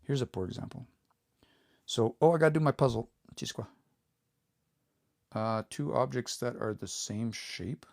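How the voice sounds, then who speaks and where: A man's voice: mid-range voice, measured pace, vocal fry, long pauses, a little mellow, dry recording, clean studio sound. Man teaching casually on a livestream. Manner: explains patiently, thinking aloud, reads out viewer comments. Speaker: language teacher.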